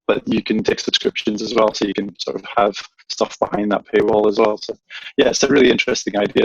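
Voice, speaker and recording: A man with a Scottish accent explaining things in a relaxed panel chat, with frequent restarts. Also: fairly low pitch, no echo, dull audio. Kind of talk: casual panel discussion.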